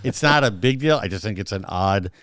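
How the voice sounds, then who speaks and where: A deep-voiced man co-hosting a casual sports talk show, opinionated and quick to restart his sentences. The sound is dry and close, with no room around it. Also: lively intonation, a bit bright, dry recording. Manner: opinionated, talks in bursts with restarts. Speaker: podcast co-host.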